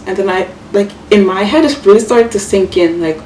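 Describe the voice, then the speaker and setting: A young woman vlogger telling a story casually while doing her makeup, chatty and animated, full of fillers and swearing. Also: medium pitch, normal speed, hardly any pauses. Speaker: beauty vlogger. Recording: echoey room, mic far off, faint hiss.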